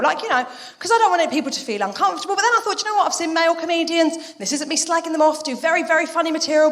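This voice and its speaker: A woman's voice: sits high, fairly bright tone. A woman performing a live stand-up set on a theatre stage, brash and sweary, acting out the people in her stories. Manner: brash, swearing, quick act-outs of others. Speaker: stand-up comedian. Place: theatre stage before a laughing audience. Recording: roomy hall reverb, live venue.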